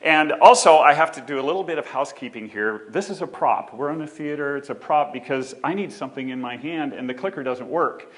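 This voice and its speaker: A man's voice: on the high side, a little fast, hardly any pauses. A man giving a conference talk on a theater stage, joking with the audience and walking as he speaks. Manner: joking, animated, walks while speaking.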